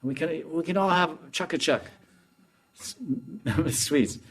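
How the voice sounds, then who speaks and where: A man's voice: a little high, takes it slowly, a bit bright, voice pushed up. A man voicing a cowherd boy who teases and coaxes a friend to share. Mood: coaxing.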